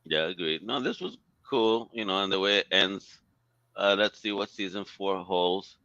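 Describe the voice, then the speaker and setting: A man's voice: low-pitched, normal speed, pushed and bright, no echo, lo-fi sound. A man co-hosting a casual live talk show, blunt and opinionated, swearing heavily.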